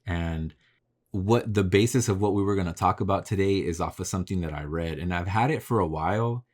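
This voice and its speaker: Deep-voiced man musing candidly. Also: a little fast, a little mellow. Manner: candid, profane, self-reflective. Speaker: podcast host. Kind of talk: casual solo podcast monologue. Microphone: podcast mic facing camera.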